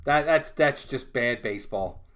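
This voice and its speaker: A man calling a live baseball game play-by-play, conversational and quick to get worked up over big plays and errors. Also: mid-range voice. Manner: conversational, excitable on big plays, blunt criticism. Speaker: fan play-by-play commentator.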